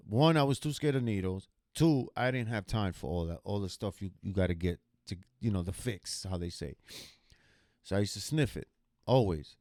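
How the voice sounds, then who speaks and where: A man's voice: on the low side, expressive, normal speed, darkish tone, dry recording, clean studio sound. A man streaming a reaction video, telling a personal story casually in a blunt, profane, emphatic way.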